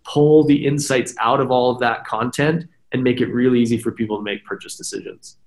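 A man's voice: mid-range voice, fairly quick. A man chatting as a podcast guest, explaining at length with frequent "right?" asides. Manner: animated, talks in long explanations with many "right?" asides. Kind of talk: casual podcast chat. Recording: roomy echo.

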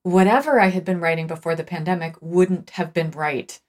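A woman's voice: fairly low pitch, a little fast, a little mellow. Earnest, thoughtful female author guest. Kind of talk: casual conversation.

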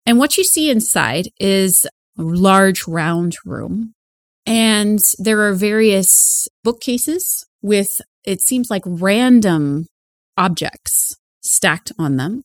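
A woman's voice: medium pitch, lively intonation, takes it slowly, no room sound. A woman running a tabletop game as game master, narrating in an easy, conversational way.

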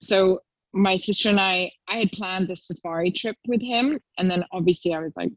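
A woman's voice: steady tone, normal speed, no room sound, muffled recording. Chatty young woman telling stories. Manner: chatty storyteller, acts out quotes in a high voice. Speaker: guest. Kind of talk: casual chat.

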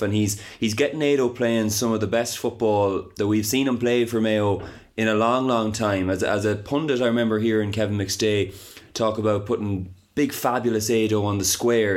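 A man with an Irish accent co-hosting a comic sports podcast, rambling with many halting restarts. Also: on the low side. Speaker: podcast co-host.

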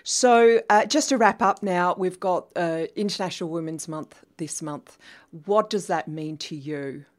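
A woman's voice: on the low side, unhurried. A woman hosting a podcast who interviews her guest, encouraging and murmuring along as she listens. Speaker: podcast host.

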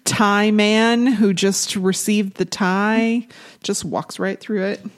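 Woman podcast co-host, slow casual delivery, dry humor, mid-pitched voice. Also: fairly even intonation. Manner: unhurried, recaps plot with dry asides. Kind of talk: casual movie chat.

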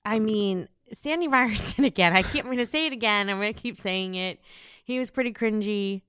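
A woman co-hosting a podcast in casual chat, relaxed and playful, laughing often. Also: medium pitch, fairly quick, smooth, no room sound, studio quality. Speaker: podcast co-host.

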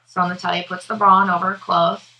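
A woman co-hosting a relaxed podcast, spinning a family story in loose, profane chat. Her voice is bright and forward, and she keeps pulling her listener in as she talks. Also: lowish voice, fast, low-quality recording. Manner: profane, animated storyteller who laughs often. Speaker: podcast co-host.

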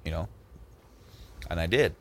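A man's voice: deep voice, measured pace. A man telling a story in a casual podcast chat, acting out the people in it. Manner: animated, acts out the people in his stories.

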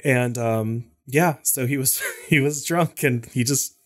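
A man's voice: mid-range voice, slow pace, a bit bright. A man co-hosting a podcast, chatting casually and enthusiastically about a film, listing favorite scenes with lots of fillers. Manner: enthusiastic, rambling, lists scenes with many fillers. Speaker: podcast co-host.

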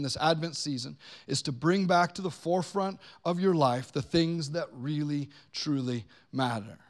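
A man preaching a sermon as pastor to his congregation in a relaxed, joking way, slowing down for the weightier lines. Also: on the high side. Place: church gathering with a congregation present.

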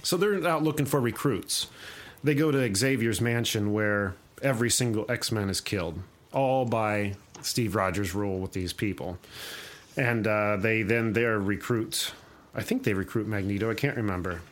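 A man hosting a casual chat show, retelling a story in a long-winded, animated way. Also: lowish voice, normal speed.

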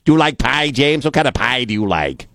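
A man's voice: medium pitch, very animated, a little fast, bright, forceful tone, dry recording, pitched above the performer's own voice. A man putting on a thick Midwestern accent to play a folksy pie lover. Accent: Midwestern, put on.

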